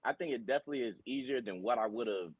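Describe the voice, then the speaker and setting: Young linebacker, relaxed and rambling. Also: male voice, medium pitch, rapid-fire, husky, no room sound, phone-quality sound. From Tennessee. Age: young adult. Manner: relaxed, rambling with many fillers. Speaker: college linebacker. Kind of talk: casual interview.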